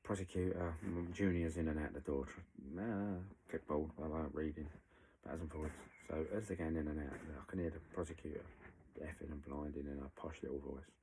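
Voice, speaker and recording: A man's voice: very deep voice, brisk, a little hiss or hum, poor audio. A man bluntly retelling events, acting out what people said and swearing freely. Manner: blunt, animated retelling with acted quotes and swearing. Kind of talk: storytelling recollection.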